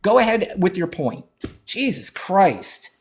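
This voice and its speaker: A man's voice: sits high, big pitch swings, slow. A man hosting a political livestream, talking in a brash, profane, mocking way, thanking viewers and scolding callers. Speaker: livestream host.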